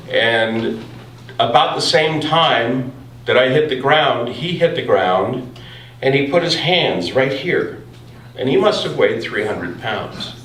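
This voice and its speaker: A man tells a true personal story on stage without a script, in a halting, wry way with frequent restarts. He is picked up from some distance in a roomy space, with a faint ambient hum underneath. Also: mid-range voice, fairly bright tone. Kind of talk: unscripted live personal storytelling. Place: live storytelling event. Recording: roomy live room from afar, faint ambience.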